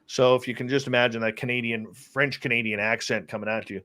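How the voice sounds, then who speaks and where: A man in an interview chat tells a personal story with animated energy. His voice sits at a middling pitch, and he often stumbles and restarts his sentences. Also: fast. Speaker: interview guest, radio host.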